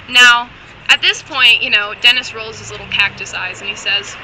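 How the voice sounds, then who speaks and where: A woman's voice: a little high, normal speed, background noise. A young woman with a strained, tired voice telling a comic, rambling story full of restarts and asides. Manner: rambling, joking, many restarts. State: losing her voice.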